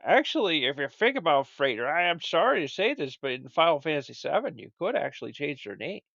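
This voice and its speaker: A man's voice: on the high side, big pitch swings, fairly quick, vocal fry, fairly bright tone, no echo. A man hosting a comedic show, rambling and stammering as he chats. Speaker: show host. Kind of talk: comedic podcast chat. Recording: dull, lo-fi dry recording.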